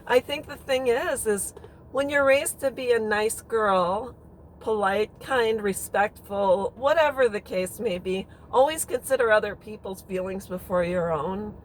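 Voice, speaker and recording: Woman rambling thru a story, frank and chatty, mid pitch, bit of noise behind. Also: measured pace, low-quality recording. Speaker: vlogger. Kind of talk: casual storytelling.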